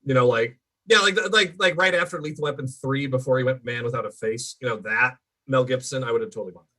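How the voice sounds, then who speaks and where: A man co-hosting a casual movie chat, excitable and jokey, with lots of "like" and "you know". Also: medium pitch, fast talker. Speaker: co-host. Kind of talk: casual live-stream chat.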